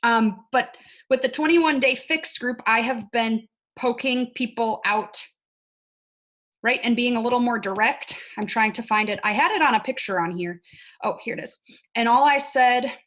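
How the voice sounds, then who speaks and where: A woman with a somewhat high voice talks her fitness team through a casual video call. She is chatty and loose, often says "like" and keeps checking in with "right?". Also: normal speed, a bit bright. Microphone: video call mic.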